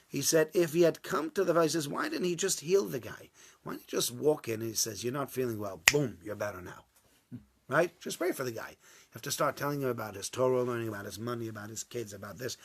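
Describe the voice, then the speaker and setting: A man giving an informal Torah class to a small group, acting out the dialogue and swinging from loud bursts to hushed asides. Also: medium pitch, animated, fairly quick, a little hiss or hum. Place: small warm room with a few listeners.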